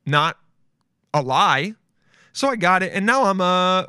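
A man's voice: fairly high pitch, expressive, takes it slowly, pauses often, pushed and bright, clear, resonant tone, no room sound. A young man hosting a casual solo podcast, talking in a loose, emphatic way and swearing freely. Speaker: podcast host.

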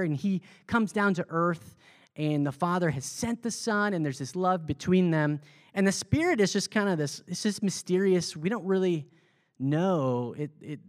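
A man, a pastor, teaching a Bible study in a conversational way, asking the group questions and repeating their answers back. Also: fairly high pitch. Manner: loose, with fillers and restarts. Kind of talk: interactive sermon teaching.

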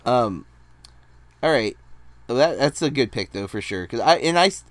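A man co-hosting a relaxed podcast conversation, often pausing on ums and circling back to finish his thoughts. His voice sits in an ordinary middle register, and the recording is dry, with no room sound at all. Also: medium pitch, no echo. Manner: hesitant, many ums and restarts. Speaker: podcast co-host. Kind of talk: casual chat.

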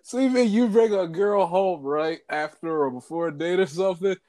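A man's voice: high-pitched, normal speed, mellow, dry recording. A man interviewing a guest, asking casual questions and often stumbling over repeated words.

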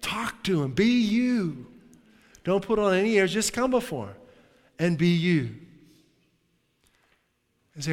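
Conversational preacher in a reverberant hall. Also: male voice, high voice, slow, long pauses. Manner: animated and conversational, often dropping to a hush. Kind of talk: sermon.

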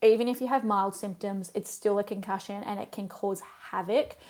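A woman's voice: medium pitch, fairly even intonation, moderate pace, darkish tone. A woman with an Australian accent, a physiotherapist guest in casual podcast chat, telling stories chattily and laughing as she goes.

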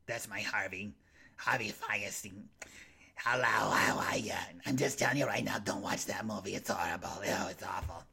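A man doing an impression of a blunt, grumbling older man who shouts warnings about a bad movie. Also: lowish voice, moderate pace, creaky, husky, pitched below the performer's own voice, heavily acted.

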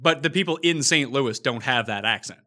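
A Canadian man hosting a casual podcast chat over a remote mic, chatty and quick to ask his co-hosts questions. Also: medium pitch, lively intonation, pushed and bright. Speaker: podcast host.

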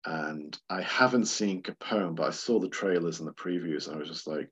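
A man's voice: low-pitched, expressive, normal speed, hardly any pauses, a little mellow, husky. A man co-hosting a podcast, talking about films in a chatty, rambling way and laughing often. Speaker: podcast co-host. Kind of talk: casual film discussion. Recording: slightly dull lo-fi sound.

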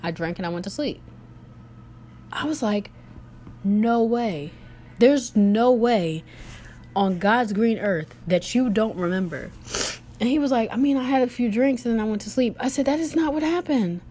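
A young woman tells a personal story casually to her viewers. She is animated, full of fillers, and drops into a lower voice when she quotes others. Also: unhurried, pauses often.

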